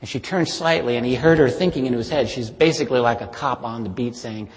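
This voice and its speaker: A man giving a public talk, earnestly retelling witness stories and building suspense, his voice often trailing softer at the end of a point. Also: medium pitch, quick pace, hardly any pauses. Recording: long reverb of a large hall.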